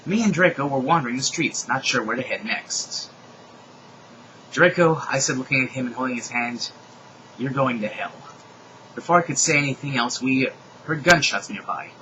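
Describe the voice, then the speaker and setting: Young guy reading a silly fanfic out loud, bright voice, big shouty lines, little faint hiss behind. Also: medium pitch, brisk, muffled recording. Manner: animated, mocking asides, shouted dialogue lines. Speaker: reader of a fan story. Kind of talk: comedic dramatic reading.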